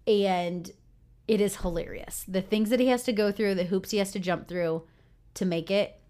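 A woman's voice: mid-range voice, fairly even intonation, normal speed, dark tone. A young adult woman co-hosting a podcast, chatting in a casual, upbeat way. Her voice sits in a middle range, and her talk is loose and friendly. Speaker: podcast co-host. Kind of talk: casual chat.

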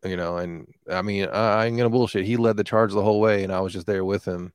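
Deep-voiced man telling a rambling story. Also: fairly even intonation, quick pace, clear, resonant tone, dry recording, studio quality. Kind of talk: casual chat.

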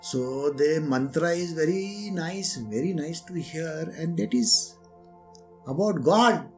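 A spiritual teacher giving a devotional discourse, telling stories with lively emphasis and rhetorical questions. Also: male voice, a little high, takes it slowly, faint music behind. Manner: animated storytelling with rhetorical questions.

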